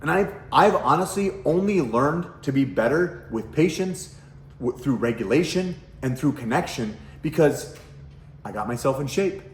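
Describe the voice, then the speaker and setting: A middle-aged man, a parenting coach, chats casually and bluntly to camera at home by the kitchen, with plenty of cursing and rhetorical questions. He speaks at a moderate pace in an expressive, mid-range voice, with roomy sound and a little hiss or hum.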